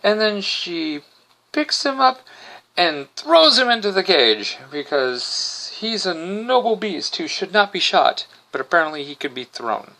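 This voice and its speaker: A man's voice: high voice, big pitch swings, measured pace, pushed and bright. Wry man recapping an episode. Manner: wry, sarcastic asides. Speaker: podcast host. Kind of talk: casual comic recap.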